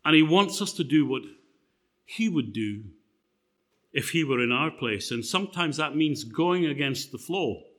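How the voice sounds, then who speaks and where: A man's voice: on the high side, animated, unhurried, fairly bright tone. A middle-aged man preaching a sermon in a conversational way, telling a personal story with fillers and restarts.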